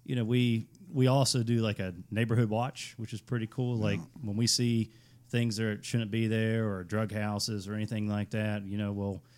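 Guest, male, lowish voice, loose and rambling. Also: little pitch movement, moderate pace, a little mellow, smooth. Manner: rambling, lots of fillers. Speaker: guest, community volunteer. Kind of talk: casual chat.

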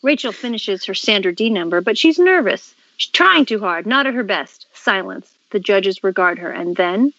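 A woman co-host reading script stage directions aloud in a brisk, matter-of-fact way. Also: medium pitch, animated, fairly bright tone, dry recording, highs cut off. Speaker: podcast co-host.

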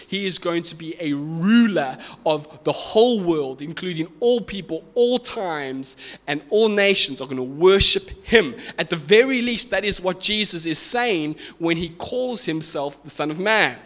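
Man, preacher, sermon, emphatic, fervent peaks, slightly high voice, long hall echo. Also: fairly bright tone. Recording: reverberant hall.

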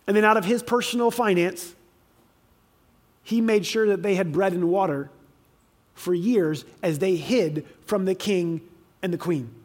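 High-voiced man preaching conversationally. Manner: acts out quoted speakers in lively voices; plain and direct, with restarts. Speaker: teacher on faith and parenting. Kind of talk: conversational sermon.

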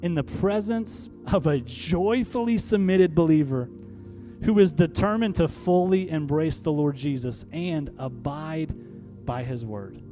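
A man preaching as pastor uses a voice on the high side and takes his time. Leading the congregation in call-and-response, he works up to emphatic, rallying peaks while music plays faintly underneath.

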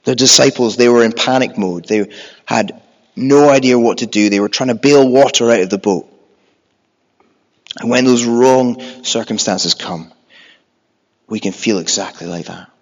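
A man's voice: medium pitch, moderate pace, long pauses. A man preaching a sermon in an earnest, conversational way, sometimes acting out the frightened cries of the people in the story. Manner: earnest, conversational, acts out the disciples' panicked cries. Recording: echoey hall, dull lo-fi sound.

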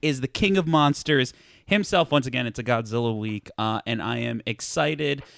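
A podcast co-host jokes and laughs often in casual conversation. His gravelly, somewhat bright voice is medium in pitch at a moderate pace, captured as a dry, clean studio recording.

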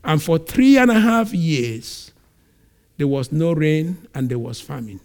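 A man from Nigeria preaches a sermon, telling scripture as a lively story with sudden swells in volume. His voice sits high for a man. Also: measured pace. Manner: animated storytelling, acts out scenes.

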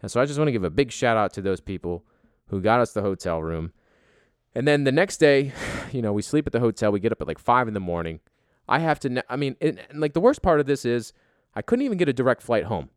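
A man's voice: medium pitch, big pitch swings, fast, dry recording, clean studio sound. A young man telling a story as a casual, exasperated rant, swearing heavily.

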